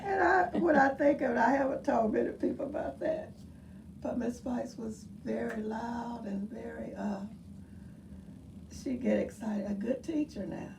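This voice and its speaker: An older woman, a retired teacher, reminiscing with fond, slow, exclaiming remarks. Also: fairly high pitch, gravelly. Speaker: retired first grade teacher. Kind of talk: reminiscing while looking through a book. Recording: distant mic with steady background noise.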